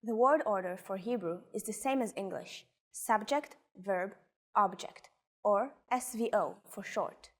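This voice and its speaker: A woman co-hosting a language lesson, explaining words and sentences from a script in a clear, measured way. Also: mid-range voice. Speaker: co-host and native speaker.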